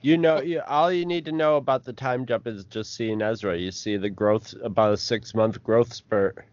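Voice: mid-range voice, normal speed, darkish tone, dull audio. A podcast co-host chiming in with brief, casual comments about an episode. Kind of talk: casual chat.

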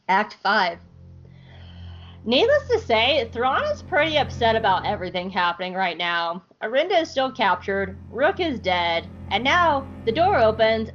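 Animated joking woman podcaster. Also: fairly high pitch, highs cut off. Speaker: podcast co-host. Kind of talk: episode recap podcast.

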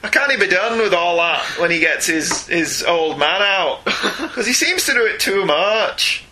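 A man putting on a slow, giggly Scottish accent as a jokey Scotsman. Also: high voice, lively intonation, bright, forceful tone, a little hiss or hum, exaggerated voice. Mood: cheeky. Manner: slow, drawling, giggly comic impression. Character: jokey Scotsman doing a comic brogue.

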